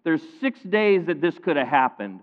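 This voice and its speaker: A man preaching a sermon, retelling a scripture story with lively emphasis that swings between loud, pointed lines and quiet asides. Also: a little high, normal speed. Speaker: pastor. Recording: phone-like sound with long hall reverb.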